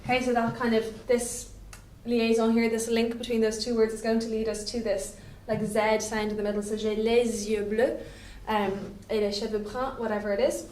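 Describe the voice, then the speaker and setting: A woman's voice: a little high, level tone, fairly quick, few pauses, darkish tone. A woman, giving a chatty classroom lecture as a French teacher and checking in with "okay?" often. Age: 20s. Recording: echoey room, voice from a distance.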